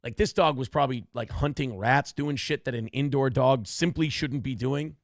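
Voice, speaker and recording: A man's voice: mid-range voice, moderate pace, no echo, clean studio sound. A man hosting a morning show, riffing on a news clip in a crude, profane, mocking rant. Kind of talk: comedic commentary on a news clip.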